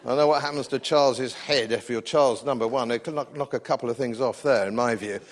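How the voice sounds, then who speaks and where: A man's voice: mid-range voice, fast. Combative, sardonic English man giving a speech. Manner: combative, sardonic, repeats phrases for emphasis. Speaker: speaker at a public event. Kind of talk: live political speech.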